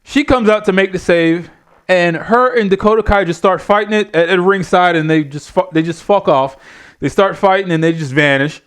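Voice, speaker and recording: Man, high voice, wrestling reviewer, profane rant, blunt and exasperated. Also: normal speed, a bit bright. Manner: blunt, exasperated, swears constantly.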